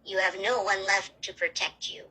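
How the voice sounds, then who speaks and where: A woman's voice: medium pitch, fairly even intonation, normal speed, sharp tone, husky, low-quality recording. A woman voicing a huge, cruel male monster who taunts and gloats, in an amateur fan audio drama. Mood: mocking.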